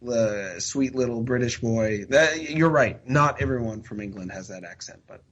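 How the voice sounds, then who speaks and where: A man's voice: mid-range voice, moderate pace, fairly bright tone, dull audio. A man talking as a podcast guest in a rambling, chatty way full of fillers and restarts. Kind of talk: casual podcast chat.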